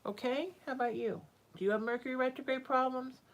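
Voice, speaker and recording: A woman's voice: sits high, steady tone, fast. A woman hosting a live psychic reading stream, talking casually and frankly, and drifting into baby talk with her cat between answers. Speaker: psychic show host.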